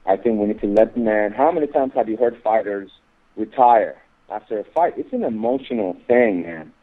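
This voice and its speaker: A man being interviewed, talking haltingly with many repeated words and growing emphatic as he goes. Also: lowish voice, expressive. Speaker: guest. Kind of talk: interview on radio. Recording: tinny phone line.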